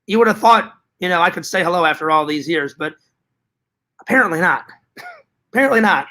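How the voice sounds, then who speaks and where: A male live streamer with a high, bright voice chats casually, reading and answering his viewers' messages at a slightly quick pace. His delivery is animated and full of swearing, and he often repeats the same line twice.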